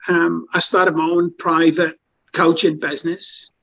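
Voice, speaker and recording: Gravelly Scottish man, blunt talk. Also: fairly high pitch, flat delivery, measured pace, fairly bright tone, lo-fi sound. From Scotland. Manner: blunt, plain-spoken, swears casually. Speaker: guest author and coach. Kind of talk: relaxed interview storytelling.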